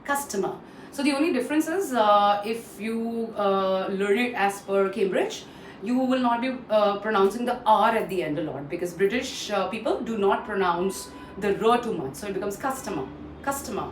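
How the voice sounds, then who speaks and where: A woman's voice: medium pitch, normal speed, far from the mic. Woman teaching pronunciation in a roomy echo. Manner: explanatory, repeats each word for drill; frequent "uh" fillers. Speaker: English pronunciation trainer. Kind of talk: online pronunciation lesson. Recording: roomy echo, off-mic, faint noise.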